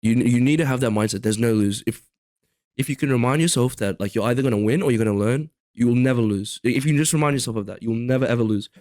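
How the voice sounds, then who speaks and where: A man's voice: medium pitch, quick pace, a little mellow, no echo. A young man co-hosting a podcast in casual chat, rambling with many fillers and restarts. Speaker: podcast co-host.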